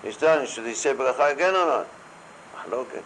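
A man leading a casual religious study discussion, talking haltingly with many fillers and quoting blessings aloud. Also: mid-range voice, lively intonation, a bit bright, a little hiss or hum, rough recording.

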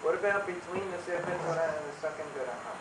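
A man in a study group asking soft, slow questions. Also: a little high. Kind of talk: casual discussion. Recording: distant echoey room with loud noise.

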